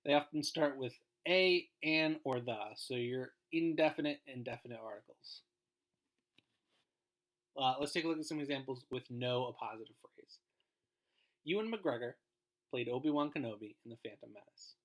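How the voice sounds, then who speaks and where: A man's voice: medium pitch, normal speed, fairly bright tone. A man giving a recorded grammar lesson as a guest teacher, explaining in an informal way and trailing off at the ends of phrases.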